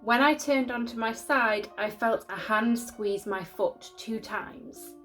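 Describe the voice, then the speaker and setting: A woman with a slightly raised pitch reads listener ghost stories aloud in a casual, chatty way. She sounds sympathetic and openly emotional, and a faint bed of music plays quietly beneath her voice. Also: slow, few pauses. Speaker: YouTube story channel host. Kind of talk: casual reading of viewer-sent ghost stories.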